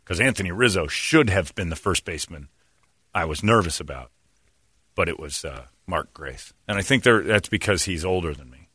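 A man in his forties, a radio show host, telling casual stories on a podcast and breaking into loud high impressions and shouts. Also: animated, normal speed, breathy edge, dry recording, clean studio sound. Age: 40s.

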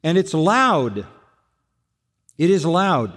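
A man's voice: fairly high pitch, big pitch swings, very slow, fairly bright tone. Older male preacher in a reverberant hall. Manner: emphatic preaching with repeated phrases. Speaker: pastor. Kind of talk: sermon. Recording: long reverb of a large hall.

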